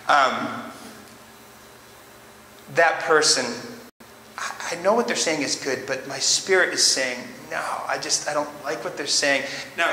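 A man's voice: fairly high pitch, pushed and bright. A man preaching a sermon as pastor, earnest and emphatic, driving points home by repeating short phrases. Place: church sanctuary. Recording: roomy church reverb, faint background noise.

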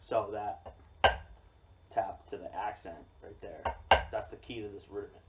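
A man teaching a drum rudiment in a relaxed, explanatory way, often checking in with "okay?". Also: on the low side, moderate pace, dull audio. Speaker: drum instructor. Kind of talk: casual instructional demo. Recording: distant mic with loud noise and drum clicks.

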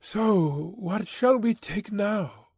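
A man reading an audiobook voices a frightened teenage girl who speaks in a trembling, hurried way. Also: sits high, lively intonation, a little mellow, slightly rough, dry recording, clean studio sound, voice pushed up, exaggerated voice. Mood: anxious. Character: frightened teenage sister, anxious, protective.

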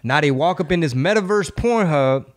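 A man hosting a casual comedy podcast, profane and riffing, slipping into quick impressions. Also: fairly high pitch, expressive. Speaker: podcast host.

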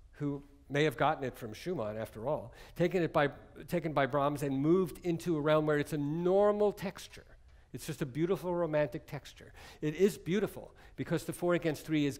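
A man giving a conversational, jokey music lecture, often digressing as he explains a piece. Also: a little high. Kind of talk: lecture-demonstration on chamber music.

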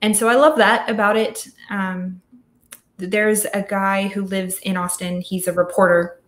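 A woman's voice: medium pitch, flat delivery, measured pace. Chatty woman on an echoey call. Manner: chatty, thoughtful, with frequent restarts. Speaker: audio studio founder, guest speaker. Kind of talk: casual virtual talk.

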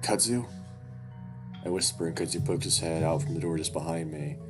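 Very deep-voiced man reading a story. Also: flat delivery, fast talker, music in the background. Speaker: story narrator. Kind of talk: first-person story reading.

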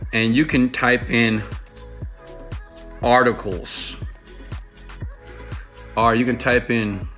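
A man with an ordinary mid-range voice delivers an energetic sales pitch straight to his viewers. He is pushy and emphatic, hammers home short repeated lines, and keeps checking in with "okay?" and "right?". Faint music plays underneath. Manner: repetitive, punchy hype phrasing. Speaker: online money-making presenter.

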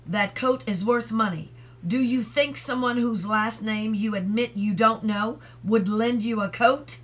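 A woman reading aloud who voices a stern, wealthy older gentleman, questioning loudly and indignantly. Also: on the high side, unhurried.

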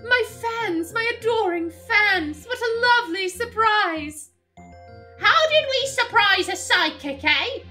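A woman's voice: very high voice, animated, slow, sharp tone, faint music behind, voice pushed up, exaggerated voice. A woman voicing a vain, theatrical female psychic in a video game, gushing over her fans. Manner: grand, gushing, self-adoring.

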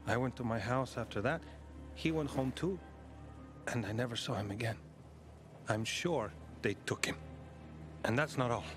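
An earnest, inquisitive young villager , voiced by a man, speaks in a video game. His voice sits at an ordinary male pitch. Game music plays under him. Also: moderate pace, pauses often, close to an everyday voice.

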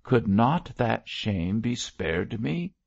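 A man reading an audiobook, voicing an anguished grey-haired older bishop who speaks gravely and in a stately manner. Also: medium pitch, very animated, slow, a little mellow, dry recording, highs cut off, pitched above the performer's own voice, exaggerated voice.

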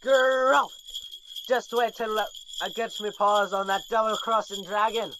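A young woman voicing a brave, gruff little male cinnamon bear in a school play, bossy and mock-ferocious. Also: mid-range voice, flat delivery, moderate pace, background noise, natural voice. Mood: indignant. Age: young adult. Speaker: student actor. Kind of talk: stage play acting.

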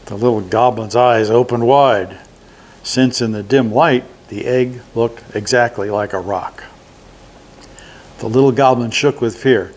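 An older man reads a children's holiday story aloud at an unhurried pace. His own voice is in a middle range, steady and deliberate between the character parts. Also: mid-range voice. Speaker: resident reading a story.

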